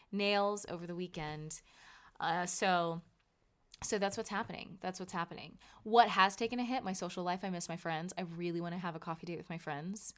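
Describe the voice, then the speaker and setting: A woman's voice: on the low side, moderate pace, fairly bright tone. Tired chatty woman podcaster. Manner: chatty, tired, emphatic with many likes. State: sleepy and tired. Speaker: podcast host and author. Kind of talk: casual solo podcast chat.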